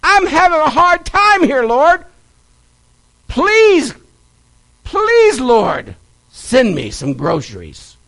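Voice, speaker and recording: A man voicing a bold elderly woman who shouts her praise and pleads loudly in a high voice. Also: wildly swooping pitch, extremely slow, long pauses, heavily acted. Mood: pleading. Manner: loud, high, pleading cries.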